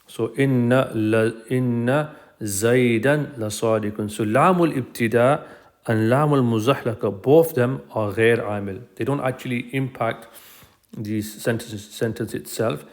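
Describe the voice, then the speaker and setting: Male teacher, mid-pitched, calm step-by-step explainer for a recorded grammar lesson. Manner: patient, explanatory, repeats key phrases.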